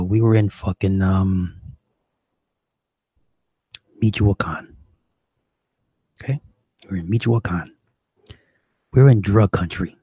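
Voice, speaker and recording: A man's voice: low voice, slow, pauses often, mellow, husky, no room sound. Profane, exasperated young man telling a story. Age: young adult. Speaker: stand-up comedian. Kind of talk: crude storytelling.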